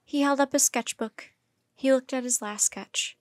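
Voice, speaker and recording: A woman reading a children's chapter book aloud in a calm, measured way. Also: sits high, no echo. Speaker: storyteller.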